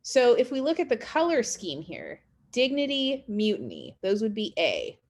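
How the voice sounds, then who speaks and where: Speaking with a fairly high, wildly swooping pitch, a woman lectures a college English class on tape. She covers literary terms in a conversational way, full of fillers and check-in questions, and slowly reads poems aloud.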